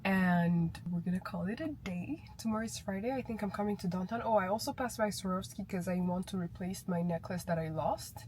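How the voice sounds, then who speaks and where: A woman's voice: mid-range voice, a little fast, hardly any pauses, a little mellow, a little hiss or hum. A young woman, chatting animatedly in a casual vlog and telling stories as she walks outdoors in a city. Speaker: vlogger.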